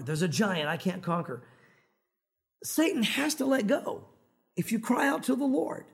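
A man with a Tennessee accent preaches, talking fast and earnestly in a conversational way. His voice sits high for a man. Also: darkish tone. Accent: Tennessee Southern. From Tennessee, US South. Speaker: pastor. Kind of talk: evening sermon.

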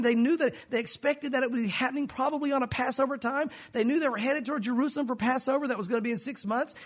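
A male pastor preaching a sermon, lively and acting out voices as he teaches. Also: extremely high pitch, breathy edge. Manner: animated, acts out voices in his teaching.

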